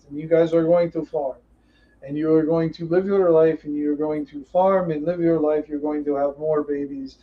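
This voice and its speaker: A man voicing a hearty seven-foot giant man who leads a town, talking in clipped, broken phrases with a welcoming boom. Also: muffled recording, lightly acted.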